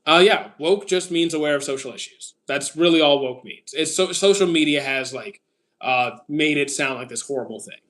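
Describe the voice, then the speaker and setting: A man in his thirties from Canada chats casually with his livestream audience. His voice sits a little high for a man. He picks up viewer questions one at a time and answers them in short, plain replies, often with an "uh" before he starts. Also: moderate pace, fairly bright tone. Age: 30s. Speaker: streamer answering chat.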